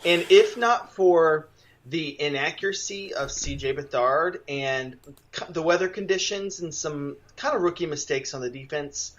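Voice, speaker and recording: A man co-hosting a casual fantasy football podcast, chatty and upbeat, quick to tease his partner. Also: a little high, a bit bright, lo-fi sound. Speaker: podcast co-host.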